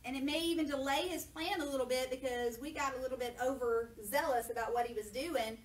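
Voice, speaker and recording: A woman preaching a lively sermon, retelling scripture casually and acting out the voices of people in it. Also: high voice, fairly quick. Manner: lively, jokey, acts out voices of people in the story. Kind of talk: sermon with playful paraphrase. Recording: echoey church from a distance, faint noise.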